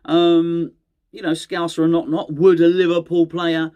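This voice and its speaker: A man's voice: a little high, flat delivery, measured pace, dark tone, clean tone, muffled recording. A middle-aged man, hosting a fan channel in rambling, chatty solo talk that often corrects itself mid-sentence. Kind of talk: casual solo fan chat to camera.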